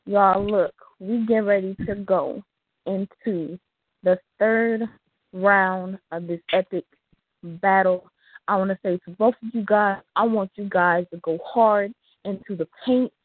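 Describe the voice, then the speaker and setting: Brief: female battle host, energetic countdowns and shout-outs, phone-line audio. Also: medium pitch, a little slow, no room sound. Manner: hyped, emphatic hype-host calls. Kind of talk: hosting a rap battle. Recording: dry tinny phone line.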